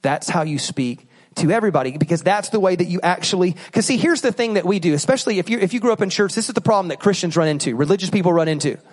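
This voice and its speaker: A man preaching a sermon in a church, animated and joking, acting out examples as he teaches. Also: high-pitched, fast talker. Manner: animated, joking, acts out bad apologies. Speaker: pastor. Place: church auditorium. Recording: long reverb of a large hall.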